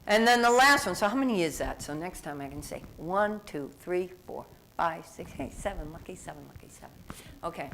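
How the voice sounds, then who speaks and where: Woman giving a diversity talk, super expressive voice, keeps asking the crowd stuff. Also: fairly low pitch, fairly quick, gravelly, slight background noise. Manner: conversational, quizzing the audience. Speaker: diversity speaker. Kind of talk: lecture to an audience.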